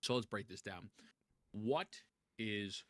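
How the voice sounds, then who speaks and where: A man recorded in his bedroom at night, giving calm, measured commentary on a video. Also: fairly low pitch, no echo, clean studio sound. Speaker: content creator in a played video. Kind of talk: talking-head commentary.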